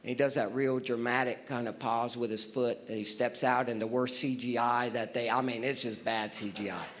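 A man's voice: mid-range voice, steady tone, normal speed, a bit bright. A man preaching a sermon, emphatic and repetitive, who keeps asking his listeners rhetorical questions. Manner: emphatic, repeats phrases, asks the audience rhetorical questions.

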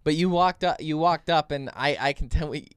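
Smooth-voiced man telling a rambling story. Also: fairly high pitch, moderate pace, no room sound, studio quality. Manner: rambling, animated storyteller with many restarts. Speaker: podcast co-host. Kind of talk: casual storytelling chat.

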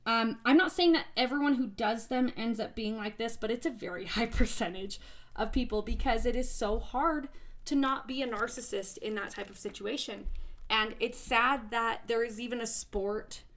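A young woman with a voice sitting a little high, speaking her mind in a blunt, unfiltered way. She rambles and restarts her sentences, throws in the odd swear word, and talks like she is recording casually from her couch at home. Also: normal speed, fairly bright tone. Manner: blunt and frank, swears freely; rambling, with many fillers and restarts. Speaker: former bodybuilding competitor. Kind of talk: casual monologue to camera. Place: at home, relaxing.

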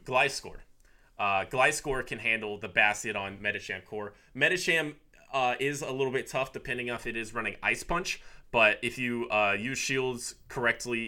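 Bright-voiced man chatting casually. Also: mid-range voice. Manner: animated, laughs easily, quick asides. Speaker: podcast co-host. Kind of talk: casual chat ranking picks.

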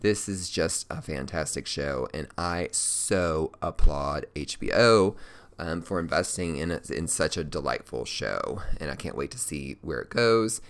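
A man's voice: a bass voice, expressive, a little slow, a bit bright, smooth. A man hosting a show, casually and effusively gushing over a series he recommends, with many fillers. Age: adult, working. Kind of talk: casual enthusiastic review.

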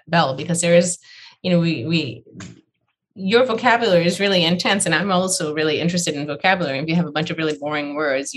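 A woman's voice: deep voice, a little hiss or hum. A woman poet in conversation, telling reflective, digressive stories about learning her craft and often restarting her phrases. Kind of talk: conversational storytelling.

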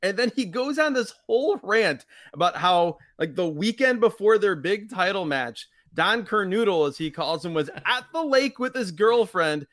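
Slightly higher-voiced guy on a podcast, wry and dry, chatting away. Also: expressive, normal speed, few pauses, fairly bright tone. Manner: wry, quotes lines in mock voices, dry asides. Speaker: podcast host. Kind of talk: casual chat reviewing old wrestling.

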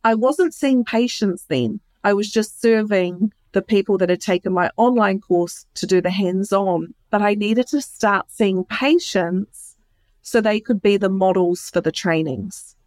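Speaking unhurriedly in a medium-pitched voice with a darkish tone, a female interview guest shares her personal story candidly and from the heart, restarting her sentences many times. There is no echo.

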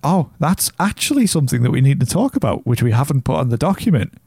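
A man's voice: mid-range voice, big pitch swings, quick pace, darkish tone, breathy edge, no room sound, clean studio sound. A man with a Geordie accent co-hosting a casual podcast, playful and laughing often. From North East England. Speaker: podcast co-host. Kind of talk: casual chat.

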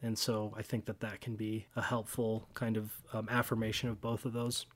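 A man's voice: fairly low pitch, flat delivery, normal speed. A man giving casual, reflective commentary on a book he reads aloud, talking eagerly and restarting his phrases. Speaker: book discussion host.

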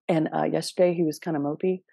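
A woman's voice: low-pitched, vocal fry, mellow, husky, dry recording, clean studio sound. A woman giving a casual astrology reading, chatty and direct, often checking in with her listeners. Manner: chatty and direct, with frequent laughs and "okay?" check-ins.

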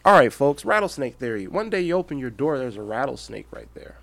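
A man's voice: mid-range voice, very animated, brisk, creaky, fairly bright tone. A man in his thirties, a veteran guest on a podcast, talking bluntly and emphatically with heavy swearing and restarts. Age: 30s. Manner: blunt, heavily profane, emphatic, repeats himself. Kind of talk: casual interview talk.

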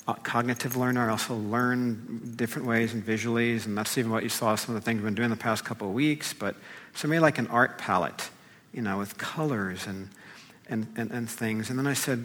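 A man's voice: mid-range voice, a bit bright. A man preaching an informal sermon as a pastor, talking loosely with many fillers and restarts. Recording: long hall reverb.

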